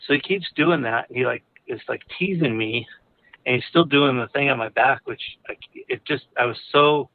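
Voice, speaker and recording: A man's voice: mid-range voice, normal speed, slight background noise. A man casually telling a personal story, rambling with lots of fillers and restarts. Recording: narrow phone-like audio.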